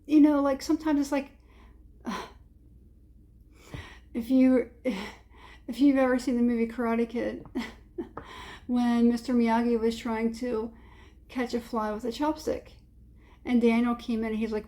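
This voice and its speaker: A woman's voice: fairly high pitch, little pitch movement, measured pace, pauses often, mellow. A woman giving a casual tarot reading, rambling and hesitant, with many fillers and frequent chuckles. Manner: chuckles often. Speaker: tarot reader.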